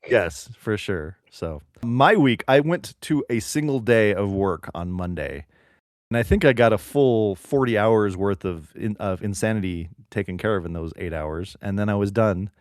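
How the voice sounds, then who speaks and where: A man's voice: on the low side, animated, normal speed, no room sound, studio quality. A man in his thirties co-hosting a podcast, chatting in a playful, jokey way. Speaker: podcast co-host. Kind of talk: casual chat.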